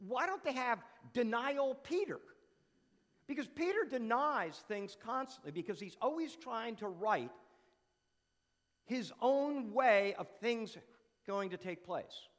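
Male preacher, high voice, rhetorical and repetitive, conversational sermon, echoing hall. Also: takes it slowly. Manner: animated, asks rhetorical questions, repeats phrases for emphasis.

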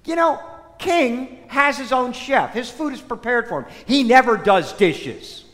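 A man preaching a sermon, telling stories in an animated way that swings between loud and soft. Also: very high-pitched, unhurried. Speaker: priest. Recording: long hall reverb.

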